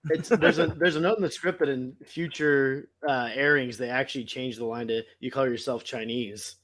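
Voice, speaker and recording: A man's voice: mid-range voice, steady tone, normal speed, a bit bright. A man co-hosting a podcast, chatting casually and cracking dad jokes. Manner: joking, fond of dad jokes. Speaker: podcast co-host. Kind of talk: casual chat recapping an episode.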